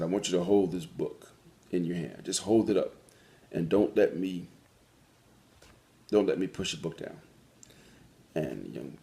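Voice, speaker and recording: A man hosting a call-in talk show, telling a personal story in an earnest, reflective way, pausing and restarting as he goes. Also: low voice, vocal fry, mellow. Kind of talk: solo monologue on a talk show.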